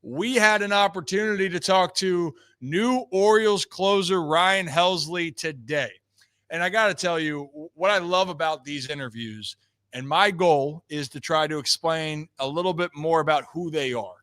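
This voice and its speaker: Guy hosting a chatty show, kinda high voice, loose and jokey. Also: normal speed. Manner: loose, joking, animated. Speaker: show host. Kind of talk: casual chat and ad read.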